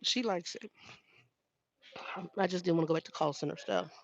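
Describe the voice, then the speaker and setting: Gravelly woman, dry lo-fi sound. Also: fairly low pitch, moderate pace. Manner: frank, exasperated, talks in restarts. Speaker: vlogger, truck driver. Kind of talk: casual chat with live viewers.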